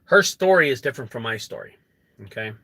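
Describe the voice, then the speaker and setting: A young adult man who runs a junk removal business, telling a story to camera in an animated way and acting out quotes. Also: fast talker, no echo. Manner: animated, acts out quotes with rising pitch.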